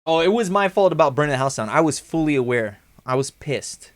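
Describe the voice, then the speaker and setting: A man's voice: a little high, animated, fairly quick, dry recording. A man in his thirties hosting a livestream, talking casually in a slangy, profane, rambling way. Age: 30s. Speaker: livestream host.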